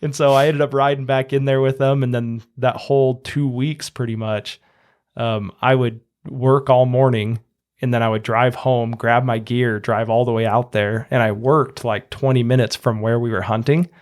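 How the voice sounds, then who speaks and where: Man, podcast host, mid-pitched voice, chatty storyteller. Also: level tone, moderate pace. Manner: chatty, acts out quotes in a raised voice. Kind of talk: casual storytelling chat.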